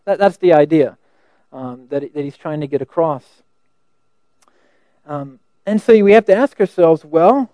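A man teaching a sermon, thinking aloud with restarts and slowing down to read verses. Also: sits high, lively intonation, mellow, no echo. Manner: thoughtful, halting with restarts, slows to quote verses. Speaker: preacher teaching scripture.

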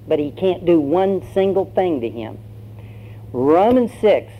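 A pastor preaching, telling a story in a conversational way with fillers. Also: male voice, fairly high pitch. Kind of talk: sermon with storytelling. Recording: dull lo-fi sermon recording, faint hum.

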